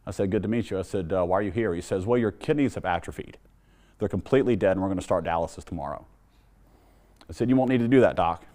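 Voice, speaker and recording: A man's voice: sits low, fast talker, mellow. A middle-aged man giving a blunt, humorous personal testimony, acting out the dialogue as he retells it. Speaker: testimony speaker.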